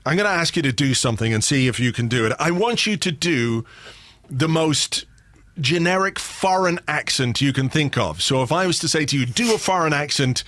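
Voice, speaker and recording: A man's voice: fairly high pitch, fairly bright tone, no room sound. Jokey man, dry close mic. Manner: playful, jokey, puts on silly voices. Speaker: podcast host. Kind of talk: casual chat.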